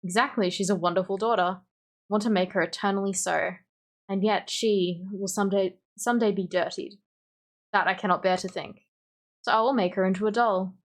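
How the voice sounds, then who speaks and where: An Australian woman reading the lines of a cold, obsessive male doctor who makes dolls, in a calm, formal, softly menacing way. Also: mid-range voice, a little fast, close to an everyday voice.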